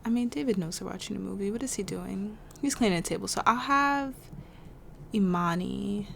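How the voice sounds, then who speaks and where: A woman hosting a life-sim game playthrough talks in an unhurried, easygoing way. She is chatty and amused, with frequent giggles. A faint hiss sits under her desk-mic recording. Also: medium pitch, creaky, a bit bright. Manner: laughs often, chatty and amused. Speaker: let's play host. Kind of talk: casual gameplay commentary.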